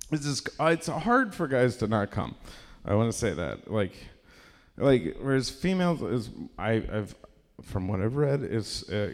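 A young man doing a stand-up comedy set in a live venue, rambling and self-deprecating, bursting into loud acted-out voices. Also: fairly low pitch. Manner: rambling, self-deprecating, acts out characters loudly. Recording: live room with long reverb.

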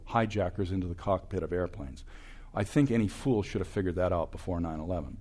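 A man in his sixties preaching with a fairly low voice. He presses his points hard, then drops to near-whispered asides. He sounds like a seasoned speaker who talks to students. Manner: emphatic, swings from loud bursts to hushed asides. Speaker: campus ministry speaker. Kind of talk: preaching talk to an audience.

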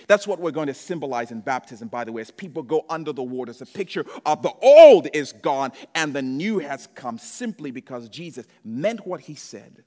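A man preaching a sermon as pastor, swinging between loud emphatic lines and hushed ones. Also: mid-range voice, sing-song, normal speed, few pauses. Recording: echoey hall reverb.

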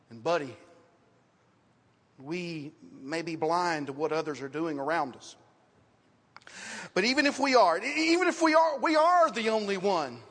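Male preacher, high-pitched and lively, telling church stories, heard in a reverberant sanctuary. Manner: animated storytelling with scripture quotes. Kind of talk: sermon. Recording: reverberant hall.

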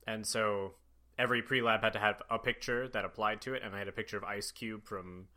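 Bright-voiced young man rambling. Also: on the low side, fairly even intonation, fairly quick, a little hiss or hum. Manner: rambling, laughs often, many fillers. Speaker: podcast host. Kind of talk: casual chat.

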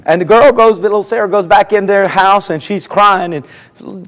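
Speaking at a moderate pace, a pastor with a high-pitched, slightly bright voice preaches in a church sanctuary. He spins folksy jokes and acts out their voices, and long hall reverb fills the recording.

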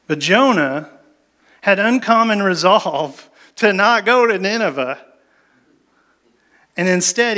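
A man with a fairly high voice preaching a sermon. He tells the story with energy, jumping into acted-out lines from the people in it. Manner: animated storytelling with acted-out quotes. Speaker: pastor.

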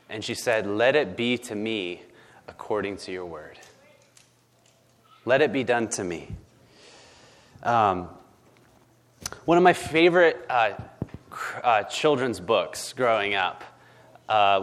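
A man's voice: fairly low pitch, a bit bright. A man preaching a conversational sermon, emphatic and chatty, often checking in with "right?" and stumbling over ums and restarts. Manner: lots of ums and false starts. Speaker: pastor.

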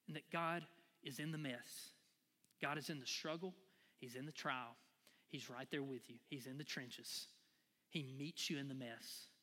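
A man preaching a sermon in a church, lively and conversational, often asking "right?" and "amen?". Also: a little high, in a large hall. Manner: animated preaching, builds to near shouting then drops to quiet; conversational asides with fillers like right and y'all. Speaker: pastor. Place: church sanctuary.

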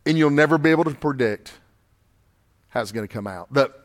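A middle-aged man preaching a sermon as pastor, with emphatic delivery that climbs high on key points and then drops low and quiet. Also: animated, a little fast.

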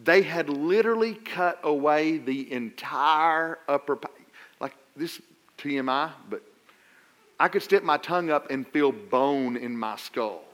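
A middle-aged man preaches, his personal story full of stammered false starts that give way to loud, forceful appeals. The pastor's voice is on the high side and his delivery a little slow.

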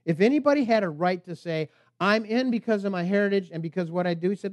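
A man's voice: high-pitched, fast, few pauses, a little mellow, dry recording. A man preaching a sermon as pastor, emphatic and preacherly, at times speaking the tempter's lines.

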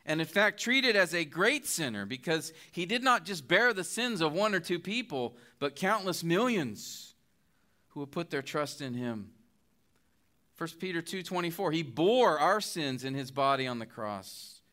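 Middle-aged male guest preacher, bright, slightly high voice, earnest sermon delivery. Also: expressive, a little slow. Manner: earnest, pleading appeals with rising emphasis.

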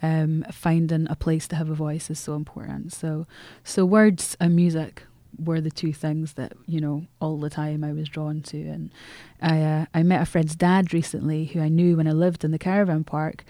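An author reflects in an interview, talking earnestly with many restarts and fillers. The voice is mellow and fairly flat in pitch. The recording is dry and close. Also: normal speed, hardly any pauses, no room sound.

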